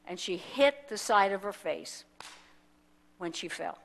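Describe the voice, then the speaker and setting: A woman's voice: medium pitch, lively intonation, a little slow, vocal fry. A woman minister from the United States telling a story in a sermon, acting out the people in it as she goes. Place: church sanctuary.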